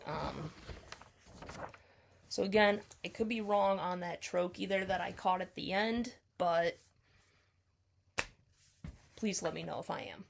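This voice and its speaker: A woman's voice: fairly low pitch, takes it slowly, vocal fry, long pauses, slight background noise. A woman talking through her reading of a poem, tentative and full of ums, often hedging and correcting herself. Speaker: student explaining a poem. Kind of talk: casual spoken poetry analysis.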